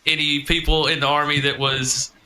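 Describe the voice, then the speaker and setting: A man's voice: fairly high pitch, level tone, moderate pace, background noise. A man co-hosting a podcast, jokey and playful in casual chat. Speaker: podcast co-host.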